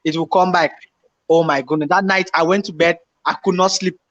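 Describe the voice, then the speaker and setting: A man telling a story in casual chat, animated and repetitive as he acts out his own panicked remarks. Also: on the high side, fairly quick. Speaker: YouTuber co-host. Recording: slightly dull lo-fi home recording.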